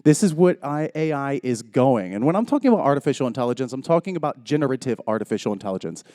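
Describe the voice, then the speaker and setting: A man in his thirties rattles through a joke-filled keynote fast, his medium-pitched, dark voice swinging widely in pitch. It sounds like a chatty story, recorded cleanly in a studio with no room sound.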